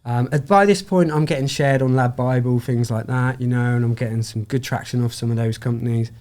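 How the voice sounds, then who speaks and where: A middle-aged man talks through his story as a podcast guest, chatty and easy-going. He keeps slipping into little acted bits of dialogue, and his voice sits at an ordinary mid pitch. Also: brisk. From United Kingdom. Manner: chatty, acts out quoted dialogue with lively voice shifts. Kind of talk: casual storytelling interview.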